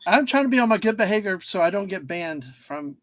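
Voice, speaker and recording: A man's voice: high voice, expressive, a little fast, a loud crowd. A man joining a casual live-stream podcast, teasing the others in cranky, joking banter. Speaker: co-host guest.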